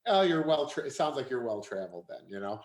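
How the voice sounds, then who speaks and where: A man's voice: mid-range voice, very animated, fast, a little mellow. A man with a Chicago accent hosting an interview, chatty and effusive, often restarting his sentences. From Northern Illinois, USA. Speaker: podcast host. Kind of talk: casual conversational interview. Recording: echoey room.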